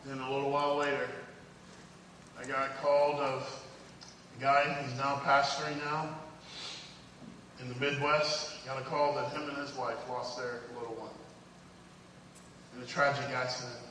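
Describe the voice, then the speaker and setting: Male preacher, bright tone, shifts between hushed and fervent, distant mic in a roomy hall. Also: medium pitch, little pitch movement, moderate pace, long pauses, slight background noise. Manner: swings from hushed storytelling to fervent exhortation. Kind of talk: sermon.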